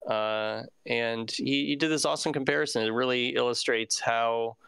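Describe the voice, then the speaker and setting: A man's voice: mid-range voice, fairly even intonation, moderate pace, vocal fry, fairly bright tone, smooth, dry recording. A man hosting a casual live-stream news chat, rambling with many fillers and restarts. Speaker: show host.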